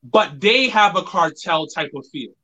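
A man with a bright, forward voice co-hosts a casual podcast. He tells stories, restarting his sentences quickly as he goes. His pitch sits a bit high. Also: lively intonation, lo-fi sound. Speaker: podcast co-host. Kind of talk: casual chat.

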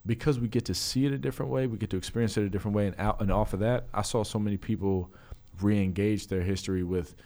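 An actor guest chats on a podcast in a man's voice that sits on the low side. He speaks earnestly and with emphasis, building long passionate runs of thought. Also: fairly even intonation, fast, darkish tone. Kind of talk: casual podcast interview.

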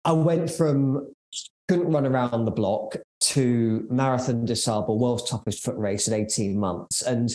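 A man's voice: mid-range voice, measured pace, warm tone, reverberant, low-quality recording. A man in his forties with an English accent, a podcast guest chatting casually in an upbeat, joking way with lots of fillers. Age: 40s.

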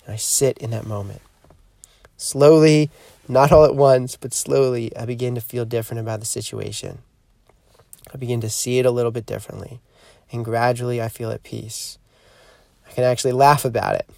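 A man hosting a podcast, giving a reflective spiritual teaching in a measured, earnest way that slows down to stress key points. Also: medium pitch, steady tone, creaky, darkish tone, no echo. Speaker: podcast host.

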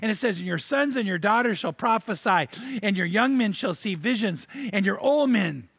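A man's voice: sits high, expressive, fairly quick, a bit bright, no echo. An older man, a pastor, preaching a sermon with energy, repeating words and building emphasis.

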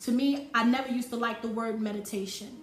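A woman's voice: fairly high pitch, steady tone, fairly quick. A woman preaching a sermon, driving points home by repeating phrases with rising force. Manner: emphatic, repeating phrases for effect. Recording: roomy echo with faint music.

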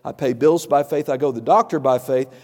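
A man's voice: medium pitch, fast talker, a little mellow, in a large hall. A male pastor preaching a sermon, emphatic and repetitive, with folksy humor.

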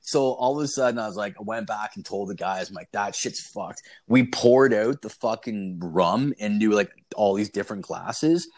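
A man's voice: fairly low pitch, normal speed, hardly any pauses, darkish tone. A man casually telling a long story, rambling and swearing, often laughing as he goes. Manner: rambling, profane, laughing as he tells it.

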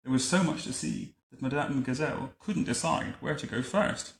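A man reading a picture book aloud to a child at home, adding wry, deadpan comments between the lines. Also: mid-range voice, normal speed. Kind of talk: bedtime story reading with joking asides. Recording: roomy echo.

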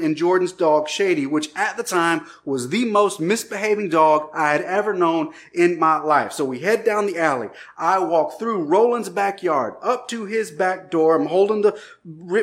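Animated storytelling male pastor. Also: high voice. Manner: animated storytelling, acts out shouted lines. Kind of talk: sermon with a personal story.

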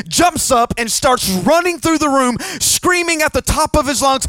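A man's voice: very high voice, animated, moderate pace, few pauses, pushed and bright, no room sound, raised voice. A middle-aged man, preaching a sermon with humorous stories and calls to the congregation for a response.

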